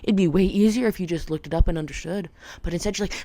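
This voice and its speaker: A woman with a low, gravelly voice and plenty of vocal fry chats loosely to her camera. She rambles playfully and leans on "like" as she works through her thoughts. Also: fast, mellow, soft background music. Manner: rambling and playful, heavy use of "like". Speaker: vlogger. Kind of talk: casual self-help chat to camera.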